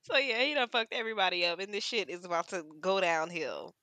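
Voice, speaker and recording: Bright-voiced animated woman podcaster. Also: mid-range voice, a little fast, no echo. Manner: animated storyteller, acts out characters' lines. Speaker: podcast co-host. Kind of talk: casual chat recapping a TV show.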